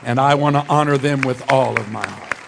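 A man's voice: mid-range voice, fairly quick, creaky, a crowd in the background, background noise. A man and church missions official giving an earnest, fervent memorial tribute in a church cadence.

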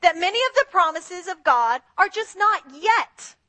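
A woman preaching an animated sermon with a very high, bright voice. She slips into other people's voices as she talks, acting out the lines she quotes. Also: normal speed.

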